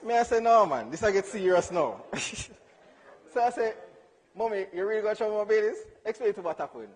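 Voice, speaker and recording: A young man telling a funny personal story in church, animated and acting out dialogue with laughs. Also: sits high, fairly quick. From Jamaica. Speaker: church speaker. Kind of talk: storytelling testimony. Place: church hall. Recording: hall reverb.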